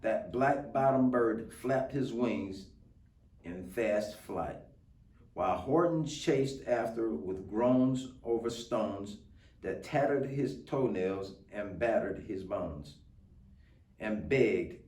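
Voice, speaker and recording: Man reading a children's book aloud, slow, expressive, echoey room, far from the mic. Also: fairly low pitch. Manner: unhurried, expressive storytelling. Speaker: guest reader. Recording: roomy, distant mic.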